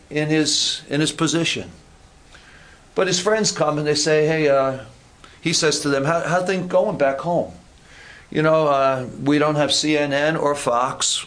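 A man's voice: fairly high pitch, a bit bright. A man preaching a sermon in a conversational way, with joking asides and acted-out bits of dialogue.

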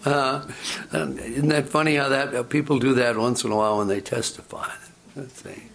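A man's voice: medium pitch, fairly even intonation, moderate pace, vocal fry, a bit bright. An older man preaching a sermon, talking in a conversational, storytelling way that often stops and repeats words. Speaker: pastor.

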